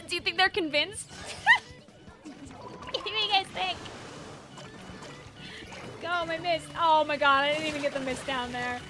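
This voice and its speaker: A woman's voice: sits high, fairly even intonation, normal speed, pauses often, over music. A young woman streaming a video game, giggling and chatting with her viewers in a bubbly way. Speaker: streamer playing a shooter game. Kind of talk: casual live-stream commentary.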